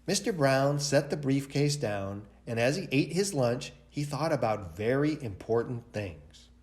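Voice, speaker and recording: A man, a library director, reading a picture book aloud for a children's storytime in an expressive way. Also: mid-range voice, a little slow.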